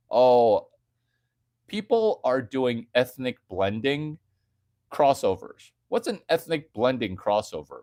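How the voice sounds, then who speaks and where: A man's voice: medium pitch, very animated, slow pace, a little mellow, no room sound, clean studio sound. A man hosting a livestream, reading chat aloud and riffing on it in a provocative, mocking way. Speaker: livestream host.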